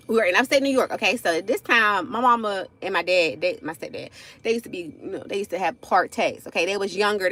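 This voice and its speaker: A woman's voice: medium pitch, fairly bright tone. A woman, telling a casual story on a livestream, chatty, addressing viewers as y'all, with frequent asides. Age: 40s.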